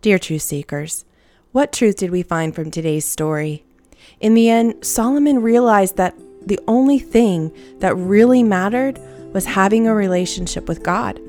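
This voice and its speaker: Gentle woman teaching a Bible lesson. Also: medium pitch. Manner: gentle, earnest, encouraging, leads call-and-response. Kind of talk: Bible lesson for children with prayer.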